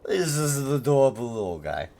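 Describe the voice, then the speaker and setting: A man's voice: medium pitch, big pitch swings, brisk, vocal fry, warm tone. A man streaming gameplay, chatting in a sarcastic, joking way with rambling asides. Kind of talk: live gameplay commentary. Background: game music.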